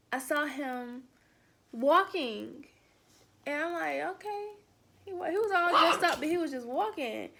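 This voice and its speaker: High-voiced young woman telling a story. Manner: animated retelling that acts out quoted dialogue, with casual slang. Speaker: vlogger. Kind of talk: casual storytime vlog.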